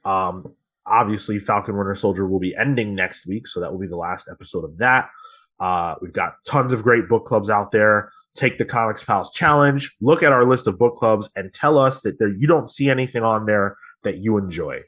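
A male podcast host with a somewhat low voice, talking in a loose, rambling way full of fillers. He chats casually and runs through the usual sign-off plugs. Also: normal speed, a bit bright. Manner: rambling, filler-heavy, conversational.

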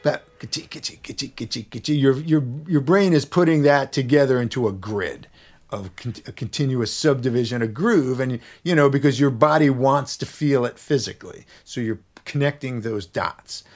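A man's voice: medium pitch, lively intonation, moderate pace, darkish tone, faint music behind. A man, a violinist and teacher, explaining his technique as a guest on a podcast, thoughtful and searching for words, sometimes singing rhythms aloud.

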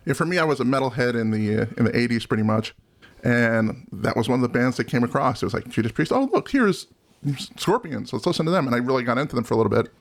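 A middle-aged man hosting a podcast in a loose, casual way. He jokes around and laughs easily, and his voice sits at an ordinary middle pitch. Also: very fast. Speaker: podcast host. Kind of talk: casual chat.

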